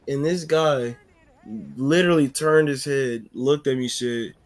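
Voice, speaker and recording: A man telling a casual story on a vlog, animated and full of fillers. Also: mid-range voice, moderate pace.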